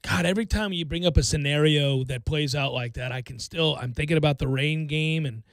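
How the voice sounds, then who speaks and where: A man's voice: a little high, no echo. A man hosting a sports talk radio show, bantering wryly with a co-host and reading listener mail. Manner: wry, joking, drawn-out delivery. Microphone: studio microphone.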